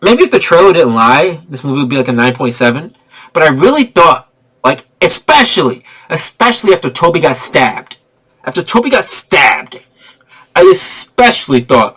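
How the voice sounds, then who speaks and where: A young man giving an excitable, slangy spoiler review of a movie, repeating himself for emphasis. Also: a little high, fairly quick.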